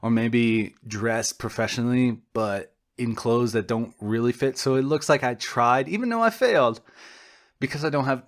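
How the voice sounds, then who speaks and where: A young man co-hosting a podcast, talking in a rambling, digressive way, poking fun at himself, restarting sentences and losing his thread. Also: mid-range voice. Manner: digressive, self-deprecating, frequent restarts and trailing off. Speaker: podcast co-host. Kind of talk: rambling casual monologue.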